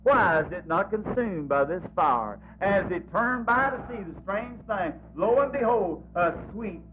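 A man delivering a revival sermon in a high, unhurried voice, fervent and folksy, circling back to phrases in a rolling cadence. The recording is muffled and lo-fi, with faint music underneath. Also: animated, slight background noise. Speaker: preacher.

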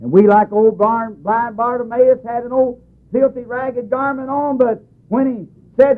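A man preaching a communion sermon in a folksy, dramatic way that climbs high and loud as he tells a story. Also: normal speed. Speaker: pastor. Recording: tinny lo-fi phone-like recording with faint music.

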